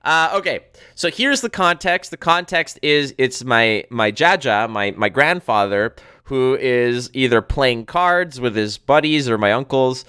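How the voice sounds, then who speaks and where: A man co-hosting a casual podcast, telling stories in an animated way, laughing often and mimicking people. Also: mid-range voice, a little slow, clear, resonant tone, no echo, clean studio sound. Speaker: podcast co-host. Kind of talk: casual chat.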